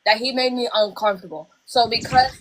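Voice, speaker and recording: A woman's voice: fairly high pitch, fairly quick, fairly bright tone, poor audio. A young woman speaking into a phone on a livestream, telling a personal story bluntly and with animation. She swears freely and acts out the lines of the people in her story. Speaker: livestream host.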